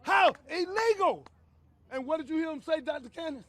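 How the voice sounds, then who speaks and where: An older man, a community activist shouting a fervent protest speech and repeating himself. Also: very high voice, expressive, fairly quick, no room sound.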